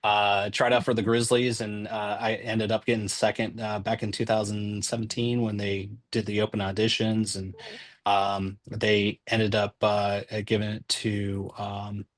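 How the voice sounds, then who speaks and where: Low-voiced joking man in his forties. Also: flat delivery, measured pace. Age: 40s. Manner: joking, chatty, with filler ums. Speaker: public address announcer, guest. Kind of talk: casual interview chat.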